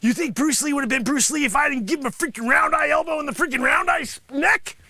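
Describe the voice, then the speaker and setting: A man playing a boastful, money-grubbing karate sensei who scolds his class and breaks into shouts. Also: extremely high pitch, quick pace, no room sound, heavily acted. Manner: bragging, scolding, swings into shouts. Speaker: livestream host. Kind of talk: improvised comedy character bit.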